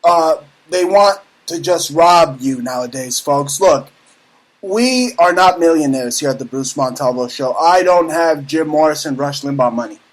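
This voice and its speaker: A man hosting a talk radio show, ranting loudly and excitably in casual banter. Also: on the high side, measured pace, rough recording.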